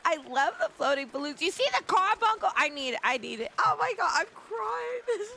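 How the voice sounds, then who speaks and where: A woman's voice: very high voice, sing-song, normal speed, vocal fry, heavy background noise. A woman streamer reacting live to a game, gushing and squealing over how cute everything is.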